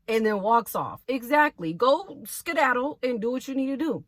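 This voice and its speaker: A woman's voice: on the high side, expressive, moderate pace, few pauses, a bit bright, no room sound. A nursing assistant telling a storytime about her job in a blunt, sassy way, swearing freely and talking straight to her viewers. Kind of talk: storytime vlog.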